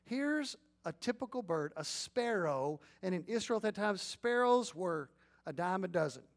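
A middle-aged man preaching a sermon as pastor, telling stories with lively acted-out scenes and leading the congregation in responsive reading. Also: sits high, normal speed. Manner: animated storytelling, acts out scenes, sudden loud bursts.

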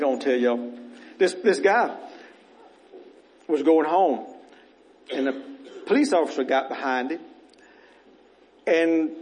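Man, slightly high voice, minister's sermon, earnest, stumbles and repeats words, a bit rough voice. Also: a little mellow, rough recording. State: voice getting rough. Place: church.

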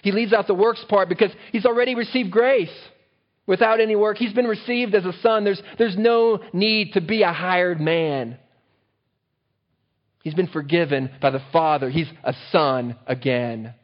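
A man's voice: high voice, moderate pace. Man preaching with rhetorical questions. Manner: engaging, asks the listeners rhetorical questions. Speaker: pastor. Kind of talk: sermon. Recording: dull lo-fi sermon recording.

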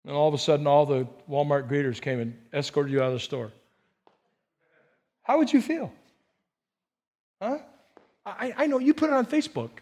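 A high-pitched man preaches with lively, theatrical delivery. He slips into the voices of the people in his stories, and his voice swells from quiet asides to near-shouts. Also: normal speed, long pauses. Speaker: pastor. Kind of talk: sermon.

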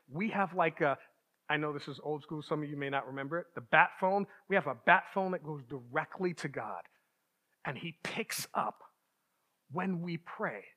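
A man's voice: high-pitched, a bit bright. A man preaching a conversational sermon, earnest and informal, often checking in with his listeners.

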